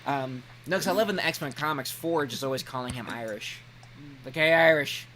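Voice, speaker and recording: A man hosting a casual podcast chat, an animated storyteller who breaks into loud mock voices. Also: medium pitch, a little fast, slight background noise. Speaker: podcast host.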